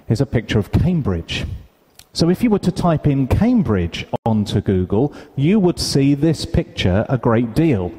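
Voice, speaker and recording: A man from the UK giving a conference talk, an animated storyteller who acts out the dialogue in his anecdotes. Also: medium pitch. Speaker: conference speaker. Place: large conference hall. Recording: hall reverb, live stage sound.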